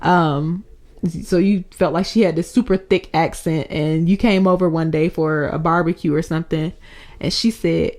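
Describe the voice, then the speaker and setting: A woman's voice: low voice, steady tone, moderate pace, darkish tone. A young woman co-hosting a podcast, chatty and telling stories with frequent laughter. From New Orleans family roots. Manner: chatty storyteller, laughs often. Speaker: podcast co-host. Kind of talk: casual chat.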